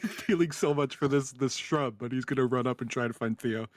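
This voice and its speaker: A man playing in a tabletop game, talking quickly and laughing easily. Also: medium pitch, no echo. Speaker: player.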